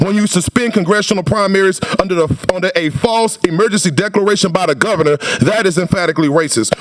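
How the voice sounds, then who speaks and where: High-voiced man giving fiery testimony. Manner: forceful, emphatic, repeats phrases for effect. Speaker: public witness testifying at a state senate hearing. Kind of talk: impassioned public testimony. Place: legislative hearing room. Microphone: standing microphone at a podium.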